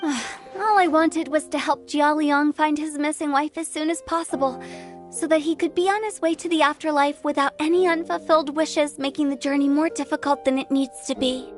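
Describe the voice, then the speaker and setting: A woman's voice: high-pitched, fairly even intonation, moderate pace, faint music behind, close to an everyday voice. A woman playing a teasing funeral director. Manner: teasing, theatrical sighs. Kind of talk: game voice acting.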